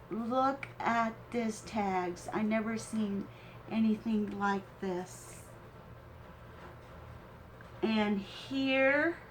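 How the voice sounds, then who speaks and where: A woman unboxing a craft swap package on her vlog, gushing and sentimental, with halting pauses and fillers. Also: a little high, a little hiss or hum, rough recording. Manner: gushing and sentimental, exclaims often. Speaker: crafting vlogger.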